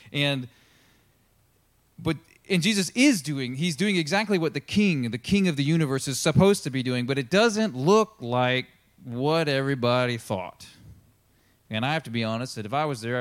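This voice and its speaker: Male pastor, casual sermon delivery, mid-pitched, playful with quoted voices. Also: expressive, brisk. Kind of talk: conversational sermon.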